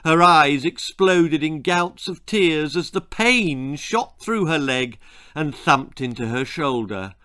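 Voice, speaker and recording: A man's voice: fairly high pitch, expressive, slow, bright, forceful tone, smooth, no room sound. A man, the author, reading a children's horror-comedy story aloud in a playful, theatrical way.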